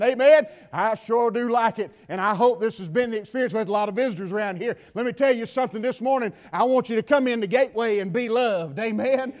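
High-voiced preacher man. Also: a little fast, few pauses. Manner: fiery preaching, swinging from quiet asides to shouted lines. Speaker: pastor. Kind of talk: sermon. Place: church sanctuary.

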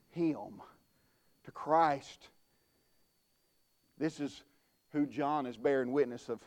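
High-voiced pastor preaching. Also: male voice. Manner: folksy, emphatic, with repeated restarts. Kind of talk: sermon.

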